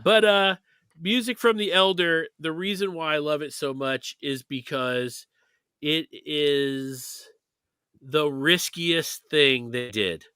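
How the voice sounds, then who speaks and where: Bright-voiced rambling podcast host. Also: male voice, on the high side, takes it slowly, clear, resonant tone, no echo. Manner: rambling, many restarts and fillers. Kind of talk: casual chat.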